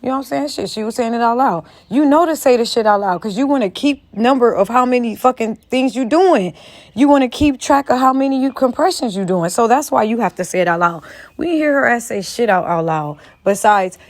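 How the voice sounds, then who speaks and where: A woman's voice: fairly high pitch, animated, fairly quick. A woman in a casual commentary vlog, talking straight to her viewers in a profane, emphatic rant. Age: adult, a mother. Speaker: vlogger.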